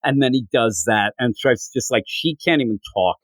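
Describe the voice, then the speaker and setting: A man co-hosting a podcast, excitedly recapping a comic book scene in casual chat. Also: mid-range voice, normal speed, dry recording, low-quality recording. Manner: excited, animated recapping with quoted lines. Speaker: podcast co-host.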